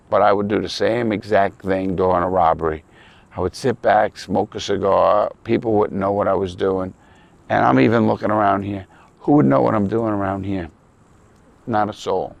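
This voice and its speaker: Deep and creaky, this ex-criminal vlogger's voice comes through a muffled recording as he speaks to the camera outdoors at a lakeside campground. He's a New Yorker with a New York accent, talking bluntly, swearing a lot, rambling, and sounding earnest.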